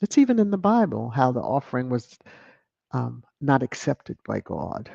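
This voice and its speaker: A man hosting a live stream, reading viewer comments in a casual, animated way with laughs and sudden high exclamations. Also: normal speed, creaky, slightly rough, no room sound, highs cut off. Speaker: livestream host reading chat.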